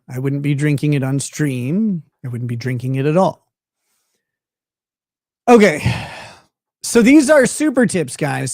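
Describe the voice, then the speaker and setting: A man's voice: mid-range voice, a little mellow, no echo, studio quality. A man hosting a livestream in casual chat, blunt and profane, laughing often. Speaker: livestream host.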